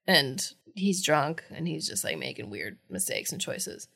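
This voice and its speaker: A woman's voice: sits low, very animated, vocal fry, a bit bright. A woman co-hosting a podcast, chatting casually about a TV episode and laughing often. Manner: chatty and amused, quick to laugh. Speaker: podcast co-host. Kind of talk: casual chat recapping a TV episode.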